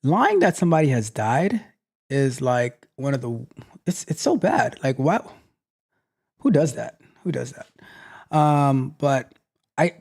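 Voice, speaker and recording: A man hosting a live tech question-and-answer show, giving advice in a lively, mock-scolding way and often repeating phrases. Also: a little high, a little slow. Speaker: host.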